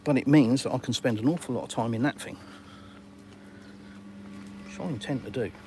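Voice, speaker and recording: A man's voice: medium pitch, normal speed, background noise. A middle-aged Englishman chatting casually on a live stream, reading viewer comments and calling people mate. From England.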